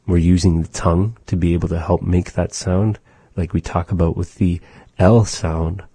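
Guy teaching language sounds, mellow dark tone, dry close sound, patient and explainy. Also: deep voice, slightly rough, no echo. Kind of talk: recorded language lesson.

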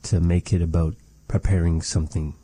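A man's voice: sits low, little pitch movement, dark tone, breathy edge, no echo. A man teaching phrases of a language in a patient, repetitive lesson. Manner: slow, patient, repeats phrases for practice.

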